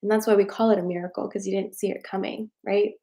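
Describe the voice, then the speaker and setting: A woman's voice: medium pitch, level tone, quick pace, warm tone. Tearful, chatty young woman streaming live. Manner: emotional, chatty, swears, laughs through tears. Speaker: tarot reader and coach hosting a live stream. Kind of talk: casual live-stream chat with viewers.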